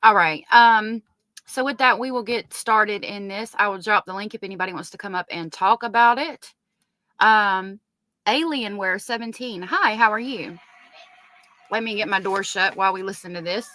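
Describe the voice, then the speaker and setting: A woman's voice: medium pitch, normal speed, sharp tone, no room sound. A woman with a Southern US accent hosting a casual true crime live stream, chatting and greeting viewers by name.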